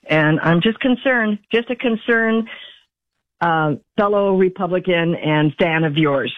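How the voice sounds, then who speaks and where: Guy from socal calling a radio show over the phone, higher voice, earnest and worried. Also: unhurried, dry recording. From Southern California. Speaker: caller. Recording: phone line.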